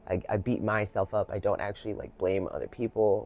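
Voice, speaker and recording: Soft-spoken woman with a gravelly fry. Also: a bass voice, fairly even intonation, a little fast, soft background music. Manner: soft, heartfelt and rambling, with many fillers. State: a little emotional. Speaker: Reiki practitioner. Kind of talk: reflective guided Reiki talk.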